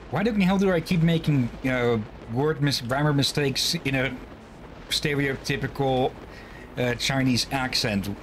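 A man's voice: mid-range voice, slight background noise. A man casually commenting while streaming a game, rambling and self-deprecating, often restarting his sentences. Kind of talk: casual let's-play commentary.

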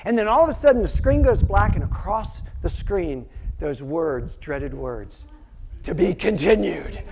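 Preaching at a measured pace, this pastor has a high, expressive voice touched with vocal fry. He acts out quotations while telling stories with animation, shifting from loud bursts down to near-whispers.

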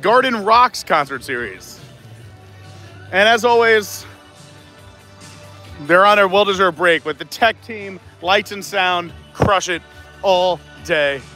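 A man's voice: sits high, animated, slow pace, long pauses, sharp tone, soft background music. A man hosting a casual live stream outdoors at a theme park, chatting and laughing often while walking around.

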